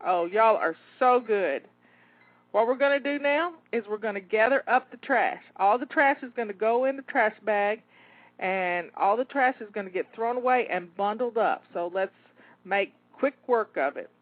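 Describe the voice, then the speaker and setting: A woman's voice: fairly high pitch, normal speed, no echo. A woman coaching listeners through a cleaning session, encouraging and coaxing, a bit out of breath. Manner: encouraging, coaxing, repeats words. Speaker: home organizing coach. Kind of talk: motivational cleaning pep talk. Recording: dry tinny phone-like sound.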